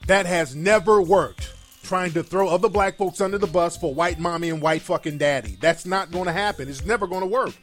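A man's voice: high-pitched, brisk, soft background music. A man giving a heated, profane and mocking reaction commentary on video clips.

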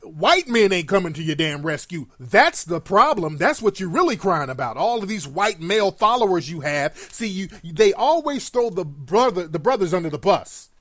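A man's voice: high-pitched, sing-song, moderate pace, hardly any pauses, a bit bright, no room sound, studio quality. A man giving a heated, profane and mocking reaction commentary on video clips.

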